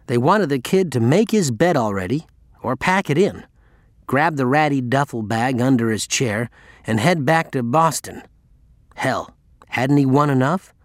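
A man reading a story aloud as a measured, tense narrator. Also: medium pitch, no echo, clean studio sound. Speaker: audiobook narrator. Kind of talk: scripted narration.

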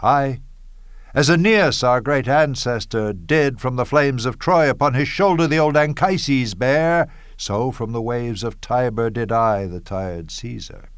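An actor playing Cassius, a bitter, scheming Roman nobleman, reading Shakespearean verse in a measured, declamatory way with bursts of scorn. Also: medium pitch, clear, resonant tone, dry recording, clean studio sound, natural voice. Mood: persuasive.

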